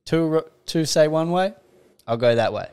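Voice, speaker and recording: Smooth-voiced young podcast host, a man. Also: a little high, normal speed. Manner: relaxed, friendly, chatty. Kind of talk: casual interview chat.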